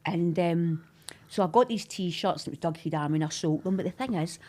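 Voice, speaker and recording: A woman's voice: on the low side, a little fast, a little mellow. A woman in her fifties, a podcast guest chatting casually, bubbly and laughing often. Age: 50s. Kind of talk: casual chat.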